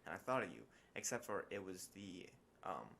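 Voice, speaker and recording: A man's voice: low voice, very animated, moderate pace, vocal fry, a bit bright, a little hiss or hum. A young man co-hosting a podcast in casual chat, telling stories with animation and acting out quotes with big jumps in his voice. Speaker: podcast co-host.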